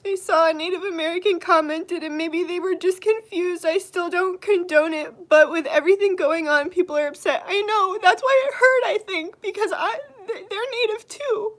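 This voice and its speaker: A young woman hosting her channel, crying as she speaks, hurt and indignant, with halting restarts. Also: very high voice. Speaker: channel host. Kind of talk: emotional livestream vlog.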